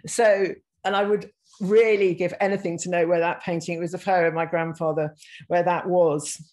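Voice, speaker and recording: A reflective woman over sixty speaks in a somewhat low voice over a video call. She talks thoughtfully, often stopping to restart a phrase, and reads passages aloud between her own remarks. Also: fairly even intonation, darkish tone, poor audio. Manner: thoughtful, halting, frequent restarts. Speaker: guest speaker. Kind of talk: reflective online talk, reading excerpts aloud.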